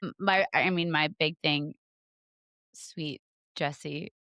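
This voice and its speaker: A young woman co-hosting a podcast in casual chat, expressive and emphatic. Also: sits low, slow pace, no echo, clean studio sound. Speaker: podcast co-host.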